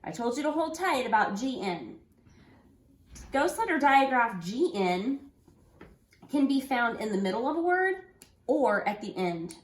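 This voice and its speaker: A woman teaching young children a phonics lesson, speaking slowly and clearly, spelling out letters and encouraging them. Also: a little high, sing-song. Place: home room with an easel. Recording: echoey room.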